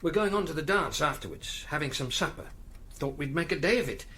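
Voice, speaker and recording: An actor playing a gentle, worried middle-aged father. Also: a little high, expressive, brisk, a little hiss or hum. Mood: coaxing. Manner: soft, coaxing. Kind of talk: audio drama acting.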